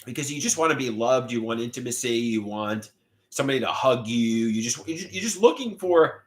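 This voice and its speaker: A man rambling to camera about loneliness, repeating himself, trailing off and bursting into pleading shouts. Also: medium pitch, expressive, a little fast. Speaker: livestreamer.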